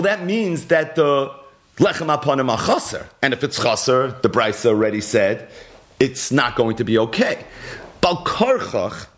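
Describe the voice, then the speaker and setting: Lively man teaching Talmud. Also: a little high. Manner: animated explaining, mixing English with Hebrew and Aramaic terms. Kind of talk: Gemara lesson.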